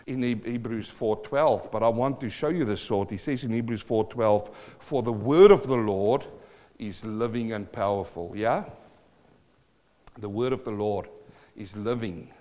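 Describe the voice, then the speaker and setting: A man's voice: on the low side, a little slow. Preaching man in an echoing hall. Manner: animated preaching, repeats phrases, laughs between points. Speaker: pastor. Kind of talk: sermon. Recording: long hall reverb.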